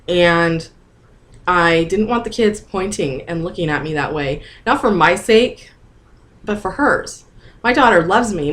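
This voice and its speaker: A woman's voice: lowish voice, a bit bright. A woman in her thirties chatting candidly to her camera in a casual vlog, open and emotional as she talks. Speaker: vlogger.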